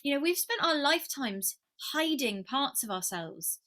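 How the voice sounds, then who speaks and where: A woman's voice: high-pitched, big pitch swings, normal speed, hardly any pauses, sharp tone. A woman musing in a reflective personal video, heartfelt and earnest, sometimes dropping to a near whisper. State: emotional. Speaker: spiritual mentor.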